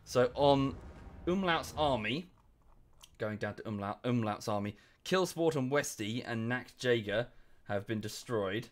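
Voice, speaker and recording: A man's voice: mid-range voice, expressive, unhurried. A young man giving casual live-stream commentary on a strategy game at home, chatty, easily distracted and apologetic. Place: room at home.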